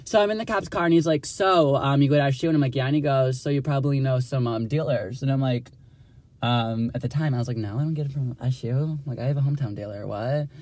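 A man's voice: medium pitch, quick pace, a little mellow. A young man telling a personal story in a casual, profane, sassy way, full of "like" fillers. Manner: chatty, profane, filler-heavy with constant "like"; dramatic, sassy retelling.

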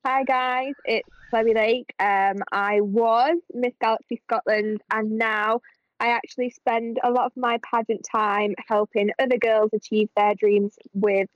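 A woman's voice: a little high, no room sound. A woman introducing herself as a pageant contestant, bubbly and chatty, on a video call. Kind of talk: casual self-introduction. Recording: dull, dry video call audio.

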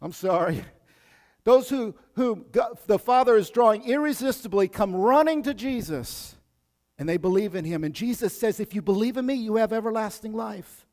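A man preaching a sermon in a high, ringing voice that carries a long reverb through the sanctuary. He shifts between hushed, measured passages and loud, emphatic bursts, and he repeats phrases to press a point home. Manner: energetic, swings from hushed to loud, repeats himself. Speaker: pastor.

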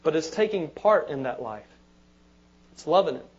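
A pastor with a lively, somewhat high voice preaches at a moderate pace in a conversational style, repeating words and asking the congregation "amen?". The sermon recording sounds dull and lo-fi.

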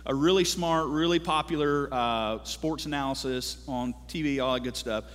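A man in his thirties preaching a sermon to a congregation, animated and joking, calling out to the crowd for responses. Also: medium pitch, moderate pace. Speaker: pastor. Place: large church hall. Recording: long hall reverb from a church.

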